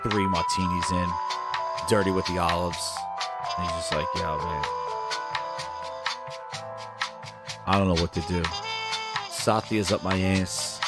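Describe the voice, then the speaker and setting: A man voicing a drunk, self-pitying male company boss ordering drinks at a bar, mumbling low and slow. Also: steady tone, over loud music. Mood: gloomy.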